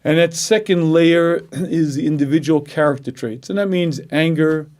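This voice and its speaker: A man giving a Jewish ethics lecture, clearing his throat often and driving points home with rhetorical questions. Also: fairly high pitch, normal speed, a little mellow. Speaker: Torah lecturer. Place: lecture room.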